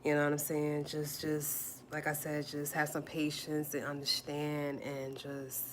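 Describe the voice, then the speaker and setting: A woman hosting a livestream, talking softly and repeating herself as she consoles viewers, then turning sassy while reading comments. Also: sits low, completely flat delivery, a little slow, a little hiss or hum. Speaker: livestream host. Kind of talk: casual livestream talk to viewers.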